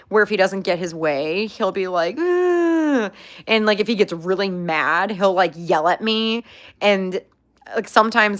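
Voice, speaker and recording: Casting: young woman vlog host, chatty and upbeat, heavy "like" fillers, mid pitch. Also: fairly bright tone. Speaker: pet pig owner, channel host. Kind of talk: casual chat answering viewer questions.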